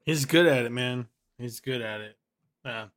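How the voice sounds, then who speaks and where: Chill podcast dude, bright kinda tense voice, mumbles off the ends. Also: male voice, mid-range voice, moderate pace. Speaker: podcast co-host. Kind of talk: casual chat.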